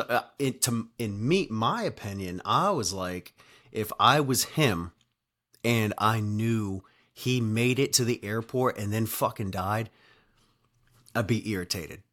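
A man's voice: medium pitch, sharp tone. A man telling a travel story in a casual, rambling monologue, full of swearing, fillers and tag questions. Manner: rambling and profane, heavy on fillers and "right?".

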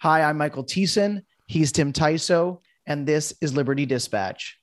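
Man, podcast co-host, casual political chat, animated. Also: a little high, moderate pace, no echo, clean studio sound.

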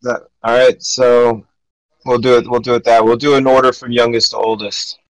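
A man hosting a relaxed podcast, talking in a rambling way with many restarts. His voice sits at a middle pitch. It sounds close and dry, with no room echo. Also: normal speed, muffled recording. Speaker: podcast host. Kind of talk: casual chat.

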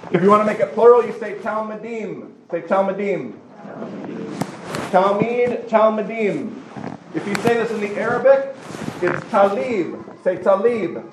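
A man with a high voice teaches a Bible class to a live group. He is animated and conversational, slipping into quick voices of other people as he explains. The room is echoey, with steady noise behind him.

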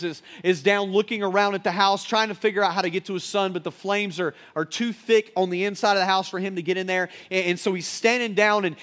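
Guy preaching at a church service, kinda high voice, gets loud then goes real quiet. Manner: storytelling, rising to loud urgent peaks then dropping to hushed. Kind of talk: sermon. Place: church service with live audience.

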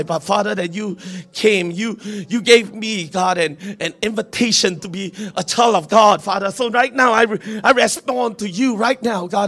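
A man leading a congregation in fervent prayer, repeating invocations and rising to shouts. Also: very high voice, creaky. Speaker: pastor. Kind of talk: sermon prayer.

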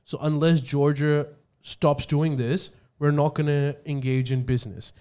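A man with a somewhat high-pitched voice, talking casually as a podcast host. He lays out his points methodically and keeps restarting his sentences as he searches for words. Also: level tone, a little slow, warm tone, clear, resonant tone. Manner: explanatory, methodical, hesitant restarts. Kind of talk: casual chat.

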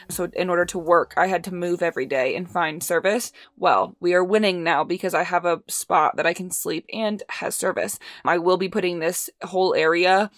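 Young Midwestern woman hosting a solo podcast, rambly and loose after some wine; lower voice, dead-dry close recording. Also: dry recording. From Indiana, USA. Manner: rambling, chatty, with many fillers. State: a bit tipsy from wine. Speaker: podcast host. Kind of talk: casual solo podcast chat.

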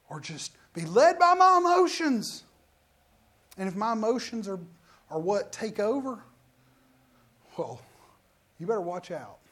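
A man's voice: high voice, fairly bright tone. A middle-aged male pastor giving a sermon, telling personal stories and acting out the lines of each person in them with emphasis. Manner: storytelling with acted-out quotes, emphatic.

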